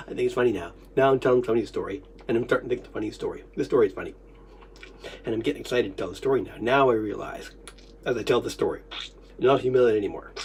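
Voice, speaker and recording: A vlogger telling a personal story in a rambling way, laughing, coughing and half-crying, swearing freely and dropping to a low quick murmur for asides. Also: a little mellow, a little hiss or hum. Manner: laughs, coughs and half-cries while reliving a memory.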